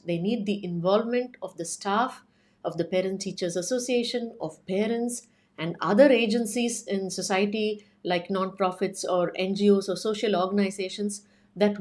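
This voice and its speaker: A woman speaks earnestly, pressing her points through a string of rhetorical questions. Her pitch sits at a middle height for a woman, and her delivery is urgent and persuasive. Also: moderate pace, a little mellow. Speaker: child safety advocate speaking to parents.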